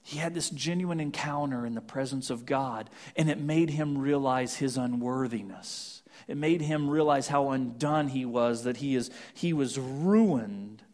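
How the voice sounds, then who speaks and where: A man preaching a sermon, swinging from loud emphatic scripture reading to hushed, almost whispered lines. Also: medium pitch, measured pace, hardly any pauses. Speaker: pastor.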